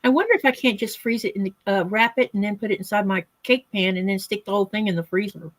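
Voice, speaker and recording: A woman's voice: mid-range voice, fast, no room sound. A woman in a casual chat, giving practical, matter-of-fact advice. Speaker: guest in a sewing circle chat.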